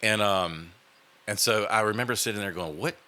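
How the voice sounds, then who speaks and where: A man's voice: on the low side, normal speed, sharp tone. A man, hosting a podcast and telling a personal story in a casual, earnest way, with many fillers and restarts. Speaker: podcast host.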